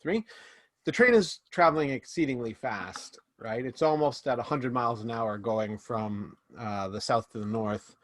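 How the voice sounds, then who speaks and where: A man's voice: mid-range voice, a bit bright, no echo. Game master man narrating, dry sound. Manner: descriptive, with quick restarts and fillers.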